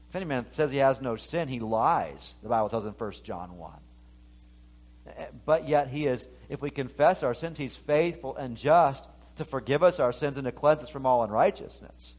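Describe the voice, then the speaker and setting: A man's voice: medium pitch, expressive, normal speed, darkish tone. A middle-aged male pastor giving a conversational sermon, talking to the congregation and acting out the inner voices he quotes.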